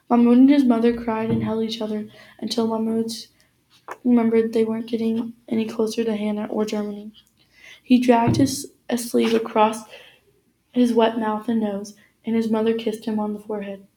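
A woman reading a novel aloud as narrator, in a steady storytelling manner. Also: fairly high pitch, normal speed, poor audio. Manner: steady storytelling with small slips.

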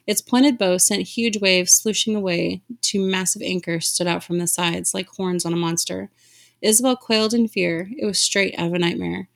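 A woman reads a novel aloud in a lowish voice with a gravelly, fry-tinged edge. She reads with drama, pushing her voice up whenever a character shouts. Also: moderate pace. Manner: dramatic reading, raising pitch for shouted lines. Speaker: reader.

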